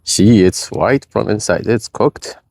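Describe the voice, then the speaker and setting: A man's voice: on the low side, slow, gravelly, darkish tone, dry recording, clean studio sound. A man hosting a casual cooking vlog in his backyard by a wood fire, chatty and exclaiming at the spicy food. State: teary, runny nose from smoke and spice. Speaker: cooking vlogger.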